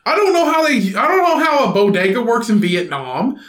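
A man's voice: extremely high pitch, sing-song, fairly quick, a bit bright. A man co-hosting a podcast in crude casual chat, rambling and swearing, acting out little bits in put-on voices. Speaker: podcast co-host. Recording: echoey room.

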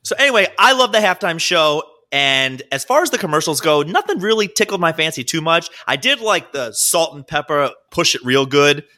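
Lively bright-voiced man telling stories. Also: a little high, normal speed, hardly any pauses. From Baltimore. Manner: animated storyteller, acts out quotes, laughs often. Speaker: podcast co-host. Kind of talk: casual chat, storytelling.

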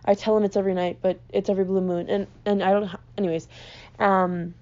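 A young woman, ranting in an exasperated, swearing, animated way as a podcast host. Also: medium pitch, fast talker. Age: young adult. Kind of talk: casual comedic rant. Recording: dull lo-fi recording.

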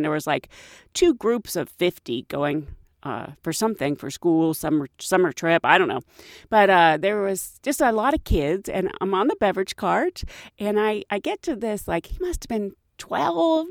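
A woman who works as a flight attendant, telling work stories in a casual, animated way and often laughing. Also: on the low side, no room sound, studio quality. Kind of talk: casual storytelling.

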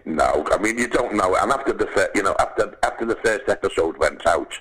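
Deep and a little fast with a breathy edge, a Liverpool man from England trades stories in a relaxed conversation where he's the guest actor. He animates his tales by doing voices and calling people "lad." The recording is low quality.

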